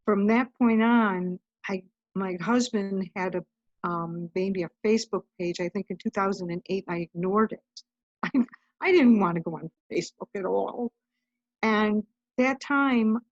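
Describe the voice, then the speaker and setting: A woman's voice: medium pitch, a little slow, dry recording. Woman podcast guest rambling through a story, dull lo-fi sound, dry no-room audio. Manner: chatty, recounts events with lots of "I'm like". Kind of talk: casual storytelling.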